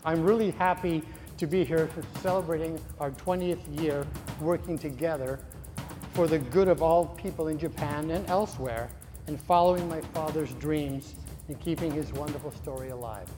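A man's voice: a little high, moderate pace. A man giving an emotional, heartfelt speech as he presents awards at a gala. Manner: heartfelt, sometimes choked with emotion. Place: large banquet hall on stage. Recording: echoey hall with long reverb. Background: music and crowd.

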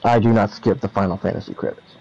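A man's voice: on the low side, steady tone, fast talker, gravelly, mellow. A man co-hosting a game stream, playful and teasing in casual chat. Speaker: co-host. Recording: dull, lo-fi sound.

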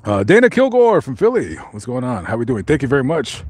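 A man talking on a live stream as he walks around, his voice at an ordinary middle pitch. He rambles through viewers' comments in loose, unpolished bursts, trailing off and restarting often. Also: wildly swooping pitch, brisk, a little mellow, breathy edge. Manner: rambling, many fillers and restarts; talking while walking around. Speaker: vlogger reading live chat. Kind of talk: casual live stream chat.

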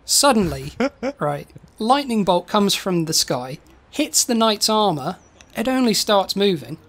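A woman co-hosting a comedy podcast, telling a rambling tall tale in a deadpan way. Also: medium pitch, a little slow. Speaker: co-host.

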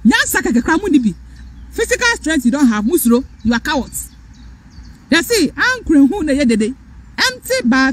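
A Ghanaian woman hosts a live stream, lecturing fiercely in an impassioned rant and repeating her points while switching between English and Twi. Her voice sits high with big pitch swings at a moderate pace, and there's a slight hiss or hum.

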